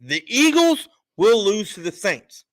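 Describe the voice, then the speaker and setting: Sports host, man; high, bright voice, loud and emphatic, a bit tipsy. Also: big pitch swings, measured pace. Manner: loud, emphatic, repetitive insistence. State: been drinking a little. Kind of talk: heated sports opinion talk.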